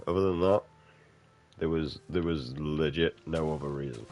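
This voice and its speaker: A man's voice: very deep voice, unhurried, long pauses, darkish tone, soft background music. A man giving casual gameplay commentary, ranting bluntly and swearing a lot. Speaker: game streamer.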